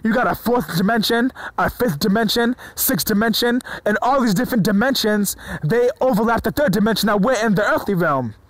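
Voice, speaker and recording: Excited high-voiced man preaching, dry sound. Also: brisk, hardly any pauses, no echo, rough recording. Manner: excited, stumbling over words, swears freely. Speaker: religious video preacher. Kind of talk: excited informal preaching to camera. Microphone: phone or screen recorder mic.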